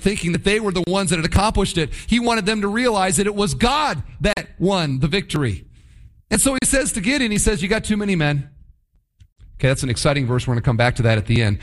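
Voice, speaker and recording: High-voiced man preaching animatedly. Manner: animated, acts out scenes in voices. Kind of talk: sermon.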